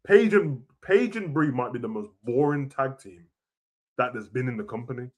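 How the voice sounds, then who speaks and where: A young man rants casually about wrestling, full of slang and swearing, swinging between low mutters and loud outbursts. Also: big pitch swings, moderate pace. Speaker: wrestling reaction host. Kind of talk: casual rant.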